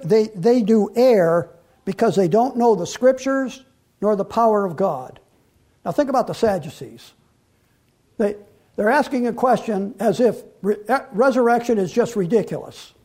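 Conversational preacher with a high, husky voice. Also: male voice, dark tone. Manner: conversational, with frequent restarts and fillers. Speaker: pastor. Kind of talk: sermon, verse-by-verse Bible teaching.

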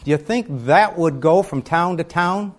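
A man's voice: high voice, moderate pace. Man preaching a sermon. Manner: reads scripture aloud in King James wording, then asks the listeners questions.

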